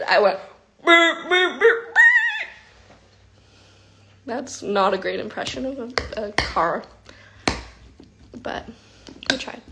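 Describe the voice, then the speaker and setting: A woman chats on a casual livestream into her phone. She tells stories with animated energy and says "like" and "literally" often. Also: on the high side, noisy background. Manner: animated storytelling, heavy use of "like" and "literally". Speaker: vlogger hosting an Instagram live.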